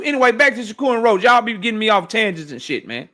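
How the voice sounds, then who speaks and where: A man with a high, bright, forceful voice hosts a boxing livestream. He reads his chat and answers in fast, profane rants, keeping the commentary loose, heated and animated.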